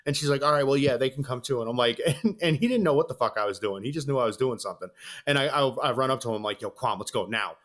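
A man's voice: medium pitch, fast talker. A young man in casual chat, telling a story with lots of slang and acting out each side of it. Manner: animated, acts out both sides of the story with slang.

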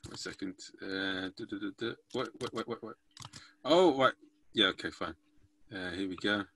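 A man with a bright, forward voice hosts a comedy podcast over a video call. He rambles playfully and teases his guests. The sound is close and dry. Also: lowish voice, moderate pace, no echo. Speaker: podcast host. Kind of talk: casual comedy podcast chat.

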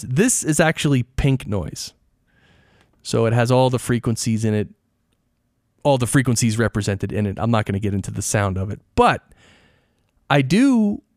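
A man's voice: medium pitch, a little mellow, no echo. Middle-aged male podcaster, chatty explainer, close-miked, very dry room. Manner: chatty, explanatory, asks the listener questions. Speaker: podcast host and audio engineer. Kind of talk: casual solo podcast talk. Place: treated home studio with foam and rug. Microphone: close studio microphone.

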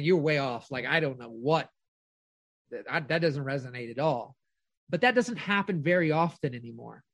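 A man's voice: high voice, fairly bright tone, no echo. Earnest motivational man, dry close sound. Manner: earnest, affirming, speaks in declarations. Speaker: coach. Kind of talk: motivational coaching call.

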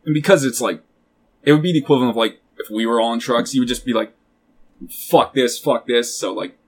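A young man from Pennsylvania tells a rambling, swear-heavy story among friends. His voice sits in a middle range and has a husky grain. He often breaks off and restarts mid-sentence. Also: mid-range voice, quick pace. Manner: rambling, profane, self-interrupting. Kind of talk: casual storytelling chat.

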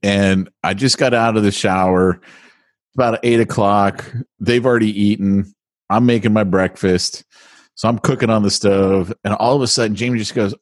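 A man's voice: lowish voice, moderate pace, dry recording, studio quality. A man co-hosting a podcast, chatting casually and telling self-mocking stories with quoted voices. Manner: self-mocking storyteller with lively put-on quotes. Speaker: podcast co-host. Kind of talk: casual chat.

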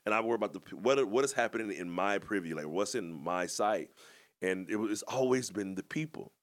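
Male podcast co-host, lower voice, loose informal storyteller. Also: animated, brisk. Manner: informal, rambling, reflective. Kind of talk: casual conversational storytelling.

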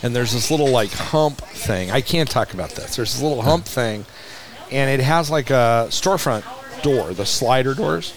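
A man in a relaxed podcast conversation, telling a story with animated energy. He slips into the voices of the people in his story and laughs along the way. His voice sits at a mid pitch for a man. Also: moderate pace. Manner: animated, acts out dialogue, laughs often. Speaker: museum managing director, podcast guest. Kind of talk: casual anecdotal storytelling.

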